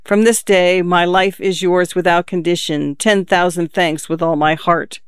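A man's voice: high voice, fairly even intonation, unhurried, clean tone, dry recording, clean studio sound. A man voicing a swaggering young man who talks in grand, flowery speeches, read as part of a story. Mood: boastful. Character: swaggering boastful young man, florid talker.

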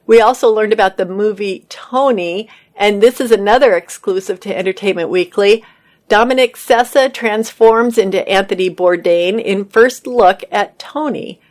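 A woman's voice: mid-range voice, moderate pace, darkish tone. Woman reading entertainment news aloud.

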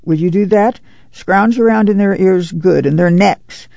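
A man's voice: high voice, measured pace, vocal fry, mellow, dry recording, muffled recording. A man voicing a weary, proud middle-aged mother of a migrant family, with a drawl, plainspoken and firm. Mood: bustling.

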